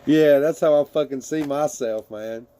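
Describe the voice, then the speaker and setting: A man's voice: fairly high pitch, normal speed, dark tone, a little hiss or hum. A man casually chatting with his livestream viewers and reading their messages aloud, laughing often and swearing freely.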